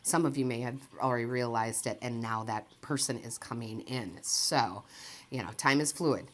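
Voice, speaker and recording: A woman with a strikingly deep, low-pitched voice, speaking at normal speed, talks her viewers through a tarot reading to camera. As a tarot reader and medium, she is chatty and enthusiastic, wandering off on tangents and laughing often.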